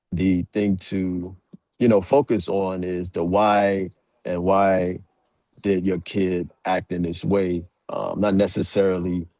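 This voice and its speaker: A man in his forties talks as a podcast guest, relaxed and rambling with plenty of fillers. His voice is low and warm. The sound is dry and close. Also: no room sound. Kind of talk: casual storytelling.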